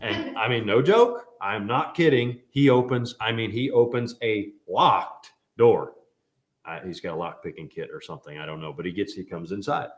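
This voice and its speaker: A man teaching a Bible class in a casual, joking way, telling animated stories. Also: lowish voice, moderate pace, reverberant.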